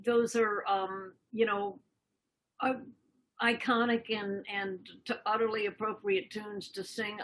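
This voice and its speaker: A woman's voice: mid-range voice, fairly bright tone, poor audio. An older woman from Massachusetts, a musician guest on a podcast, speaking reflectively and trailing off with fillers. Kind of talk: casual interview chat.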